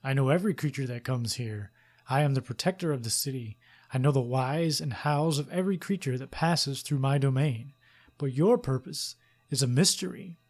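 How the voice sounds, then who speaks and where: A man voicing a huge male iron lion automaton in a game, with a slow, grating, threatening rumble. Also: lightly acted. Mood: menacing.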